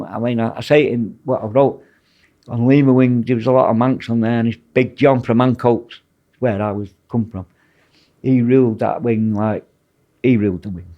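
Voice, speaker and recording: A man's voice: mid-range voice, normal speed, mellow, highs cut off. A man with a Manchester accent, a former prison officer telling blunt, rambling anecdotes as a podcast guest. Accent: Mancunian. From Manchester, England. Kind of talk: casual storytelling interview.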